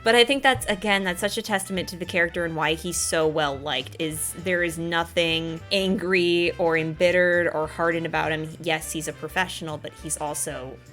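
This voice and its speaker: A woman hosting a casual chat, animated and enthusiastic, often laughing as she talks. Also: lowish voice, moderate pace, hardly any pauses, faint music behind. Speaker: host.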